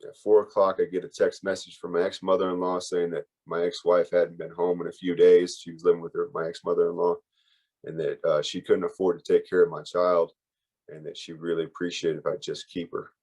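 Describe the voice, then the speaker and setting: A man's voice: low-pitched, flat delivery, fairly quick, darkish tone, low-quality recording. Candid, emotional man sharing his story. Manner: candid, emotional, rambling with fillers. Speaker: workshop speaker. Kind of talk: personal recovery share.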